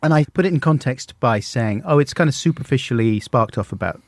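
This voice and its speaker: A man's voice: mid-range voice, animated, fairly quick, no room sound, studio quality. A man hosting a podcast, chatting in a casual, enthusiastic way. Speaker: podcast host. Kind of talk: casual conversation.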